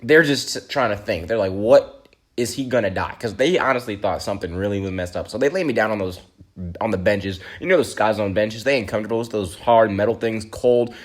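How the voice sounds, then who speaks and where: A man telling a story in a casual vlog monologue, animated and dramatic, with slangy asides. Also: fairly low pitch, brisk.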